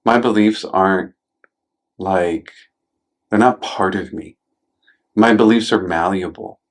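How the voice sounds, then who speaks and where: A man's voice: sits low, slow pace. A man talking casually and jokingly, rambling with fillers as he hosts a conversation. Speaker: podcast host.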